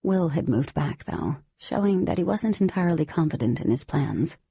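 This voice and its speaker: A woman giving scripted first-person audiobook narration in a steady, even storytelling manner. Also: deep voice, moderate pace, gravelly, husky, no echo, dull audio.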